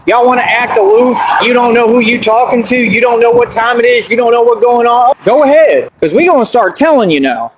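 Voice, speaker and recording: A man's voice: extremely high pitch, a little fast, few pauses. A man delivering a boastful, confrontational street rant, repeating himself and taunting his critics. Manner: swaggering, confrontational, repetitive.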